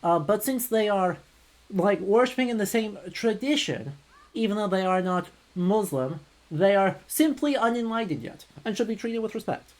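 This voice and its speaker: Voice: medium pitch, expressive, moderate pace. Chatty historian streamer, dry asides. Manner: chatty with many fillers and dry sarcastic asides. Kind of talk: casual live commentary over gameplay.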